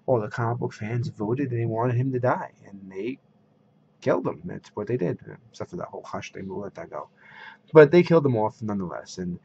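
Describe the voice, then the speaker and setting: A man's voice: medium pitch, animated, a little fast, vocal fry, a little mellow, dull audio, a little hiss or hum. A man vlogging a casual rant to camera, retelling conversations with quoted voices.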